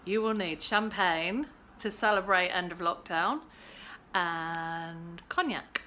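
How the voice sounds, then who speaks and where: A woman's voice: on the low side, slow, sharp tone, a little hiss or hum. A woman hosting a casual cocktail-making vlog at home, chatty and playful. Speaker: host.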